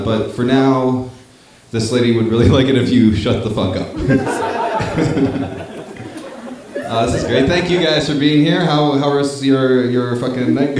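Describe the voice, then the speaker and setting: A man's voice: mid-range voice, noisy background. Young canadian guy doing stand-up crowd work, swears a lot, echoey room with a crowd laughing. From Northern Ontario, Canada. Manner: casual, swearing, self-mocking banter with the audience. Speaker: stand-up comedian. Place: comedy club with a live crowd.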